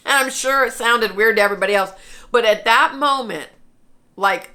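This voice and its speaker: Woman vlogger in her forties, unhurried and bright-toned, telling a personal story to camera in an earnest, chatty way. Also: a little high. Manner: earnest, chatty, with laughs and restarts.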